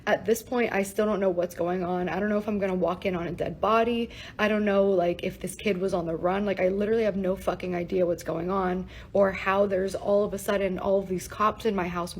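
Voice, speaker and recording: A young woman recounting an upsetting personal event in a casual storytime vlog, talking fast with lots of "like" and swearing, emotional and shaken. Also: medium pitch, breathy edge, low-quality recording. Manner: fast, breathless, heavy use of "like" and swearing.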